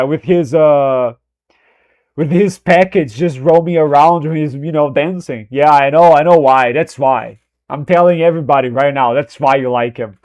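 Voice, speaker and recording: A Brazilian man with a Brazilian Portuguese accent talks to his viewers in a loose live-stream chat. His voice sits a little high for a man, and he teases and jokes, laughs freely and drops casual swears. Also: a little mellow. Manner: playful, teasing, laughs often, swears casually.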